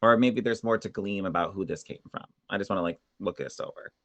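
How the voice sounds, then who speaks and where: A male player chats through his turn, joking about himself as he talks. His voice is low and the recording dry and close. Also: fairly quick, a bit bright, no room sound. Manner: chatty, self-mocking, in-character musing. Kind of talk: tabletop game chat.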